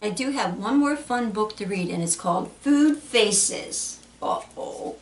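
A woman hosting a children's storytime, reading aloud in an animated, sing-song way with playful animal sounds. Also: mid-range voice, a little slow. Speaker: children's librarian. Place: public library. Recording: echoey room, mic at a distance.

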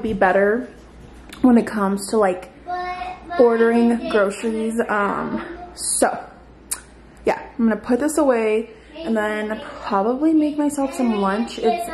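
There's a noisy background behind this woman's fairly high voice. A vlogger and mom of two, she films herself at home on a handheld camera, slightly breathless, talking in a loose, rambling way packed with fillers.

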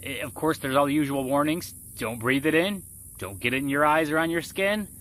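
A man's voice: a little high, a little fast, a bit bright, slight background noise. Chatty man demonstrating in his garden. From Florida. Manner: chatty, explains step by step. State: muffled by a face mask. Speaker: gardening vlogger. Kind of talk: casual how-to vlog. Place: outdoor garden at dusk.

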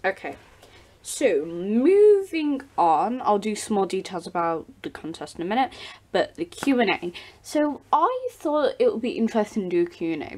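A teenage girl who runs a doll channel chats casually with her viewers from behind the camera at home. Her voice is mid-range and a little mellow, and she rambles along with lots of ums and restarts.

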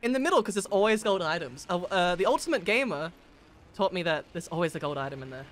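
A young Australian man chatting playfully while playing a game, excitable and teasing. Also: high voice, quick pace, slight background noise. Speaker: streamer. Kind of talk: casual gaming chat.

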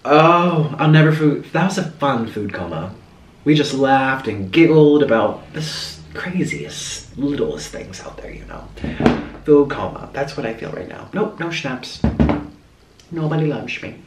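A man's voice: mid-range voice, unhurried, slight background noise. Young guy chatting and eating on camera, bouncy voice going all over, kinda far from the mic in an echoey room. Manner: chatty, rambling, animated. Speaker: mukbang vlogger. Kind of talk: casual storytelling while eating. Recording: roomy echo, a bit off-mic.

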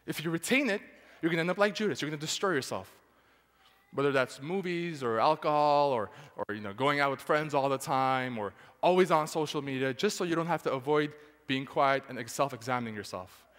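A man's voice: on the high side, fairly quick, a bit bright. A man preaching a sermon to his congregation, emphatic, often putting questions to the listeners. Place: church sanctuary. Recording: church hall with long reverb.

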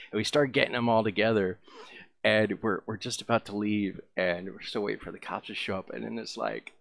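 Low-voiced man rambling through a story. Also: creaky, a bit bright. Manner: rambling, full of fillers. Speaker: vlogger. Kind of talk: casual storytelling.

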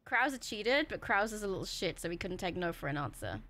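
A woman streaming a video game live, chatting and joking in an excitable, foul-mouthed way as she plays. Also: mid-range voice, brisk. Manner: excitable, swears and jokes at the game. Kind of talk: live gameplay commentary.

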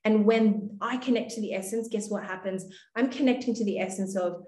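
A woman's voice: mid-range voice, darkish tone, reverberant, rough recording. A young adult woman coaching on camera, enthusiastic and breezy, with lots of casual fillers. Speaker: business and mindset coach. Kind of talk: motivational talk to camera.

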